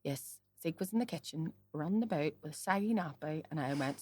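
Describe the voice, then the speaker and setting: A woman's voice: deep voice, lively intonation, mellow, slight background noise. A woman in her thirties, co-hosting a comedy podcast and telling a crude, laughing story in casual chat. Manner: bawdy, storytelling, quick to laugh. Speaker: podcast co-host.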